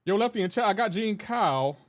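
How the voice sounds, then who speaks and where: A talkative man hosts a live game stream, cheerfully calling out his chatters and rambling between plays. His voice sits a little on the high side for a man. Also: expressive, brisk. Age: adult with a child. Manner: upbeat, greets chatters by name, chatty asides. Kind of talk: casual live-stream chat.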